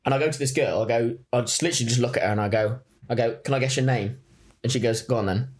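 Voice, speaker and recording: A young man, a podcast guest telling rambling anecdotes in casual chat. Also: mid-range voice. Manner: fast, rambling anecdotes, laughs mid-story.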